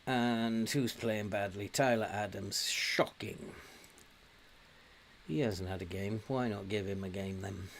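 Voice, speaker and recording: An Englishman talks over his own gameplay in a relaxed, grumbling way. He mocks himself and tells off the players on screen. His commentary is casual and unscripted. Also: lowish voice, slow pace, gravelly, slight background noise. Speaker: gaming commentator. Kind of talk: casual let's-play commentary.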